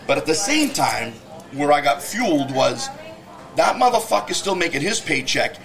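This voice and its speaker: Brief: male podcast guest, higher-pitched, fast heated profane rants. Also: very animated, gravelly, fairly bright tone. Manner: heated, profane storytelling rant; quick, emphatic talk. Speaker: guest, business owner. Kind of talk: casual podcast conversation.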